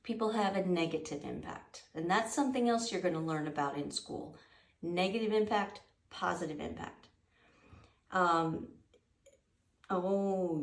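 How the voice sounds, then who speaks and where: Animated woman teaching a class, echoey room. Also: on the low side. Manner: animated, playful, teasing. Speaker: wildlife educator. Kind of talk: lively classroom wildlife presentation. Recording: echoey room, mic at a distance.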